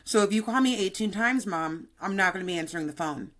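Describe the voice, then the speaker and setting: A woman in her thirties co-hosts a fitness podcast. She talks in a loose, upbeat, chatty way with a bit of sass, and her voice sits at an ordinary middle pitch. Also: expressive, fast, fairly bright tone. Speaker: podcast co-host and fitness coach. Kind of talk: casual podcast chat.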